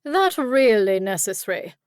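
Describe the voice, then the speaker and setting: A woman's voice: medium pitch, big pitch swings, measured pace, clear, resonant tone, no echo. A woman voicing a dry, wry male companion.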